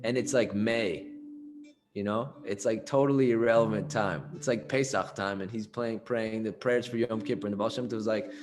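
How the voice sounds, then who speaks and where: A man's voice: fairly low pitch, moderate pace, darkish tone. A man telling a story in a loose, chatty way with lots of fillers. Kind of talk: casual storytelling.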